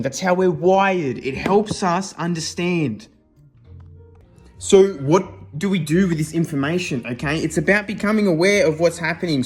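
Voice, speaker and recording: High-voiced Australian man, casual and sweary. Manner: casual, swears a lot, many "okay?" check-ins. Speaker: self-help vlogger. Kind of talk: raw unscripted self-help talk.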